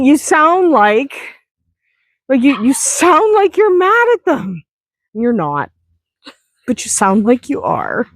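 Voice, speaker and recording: A woman's voice: sits high, no room sound. A woman chatting casually in a farm vlog, self-deprecating and laughing often. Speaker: vlogger, hobby farm owner.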